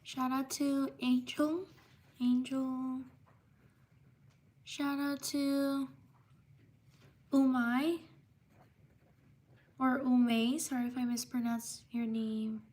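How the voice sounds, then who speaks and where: Woman on a livestream reading shout-outs, high voice, slow and flat. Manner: slow, flat, repetitive listing with pauses. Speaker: livestream host.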